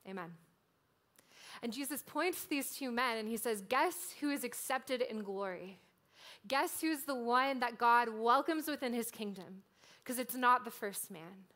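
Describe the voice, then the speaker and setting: A woman delivers a sermon in a relaxed, chatty manner, peppering her points with "like" as she talks them through. Her voice sits a little higher than most women's. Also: normal speed. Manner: conversational, frequent "like" fillers. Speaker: preacher.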